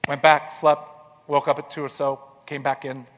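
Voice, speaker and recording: A man telling a personal story in an earnest way, repeating words as he starts and going quiet in tender moments. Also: on the high side, level tone, moderate pace, big-room sound. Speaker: speaker telling his life story.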